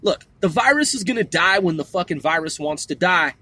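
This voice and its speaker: A man's voice: sits high, expressive, brisk, sharp tone, husky. A man delivering a heated, profane rant to camera, emphatic and full of swearing. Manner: heated, emphatic, swearing constantly, calls people "man" and "dude". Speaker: vlogger. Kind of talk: profane ranting monologue.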